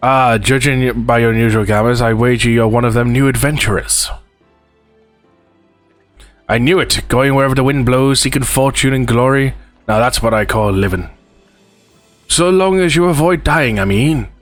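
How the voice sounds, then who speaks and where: A man's voice: medium pitch, moderate pace, long pauses, no echo, faint music behind, lightly acted. A man voicing a chatty, folksy old male peddler, reading game dialogue aloud. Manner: rambling folksy drawl, uneven put-on accent. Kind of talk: let's play voice reading.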